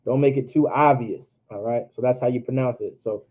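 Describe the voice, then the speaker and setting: A man's voice: mid-range voice, fairly quick, hardly any pauses. A man teaching an online alphabet class in a casual way, repeating and drilling each letter sound aloud. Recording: tinny phone-like line.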